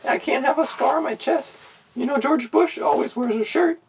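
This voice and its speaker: A man voicing a shrunken, kidnapped female pop singer who frets in a raspy, husky squeak during comedy podcast improv. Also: normal speed, recorded from a distance, slight background noise. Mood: fretful. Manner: whiny, fretful and earnest.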